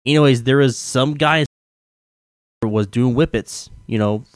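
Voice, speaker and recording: A man's voice: mid-range voice, measured pace, no echo, studio quality. A man telling stories in casual podcast chat, rambling with lots of fillers and swearing.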